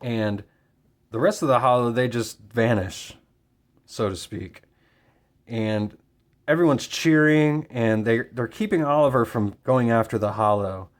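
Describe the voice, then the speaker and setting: A man casually summarizing and reviewing a comic book issue, talking with frequent fillers and pauses. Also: medium pitch. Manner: relaxed, hesitant with fillers.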